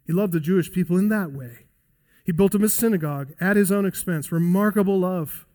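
A male pastor preaching a sermon, speaking earnestly and dropping softer when he quotes scripture. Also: high voice, fairly quick. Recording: long reverb of a hall.

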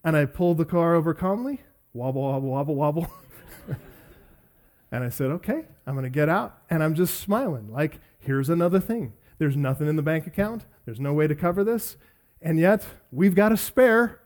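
A man's voice: a little high, lively intonation, moderate pace, a little mellow. A middle-aged man preaching, asking earnest questions and telling personal stories with self-deprecating humor. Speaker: pastor. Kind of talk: sermon.

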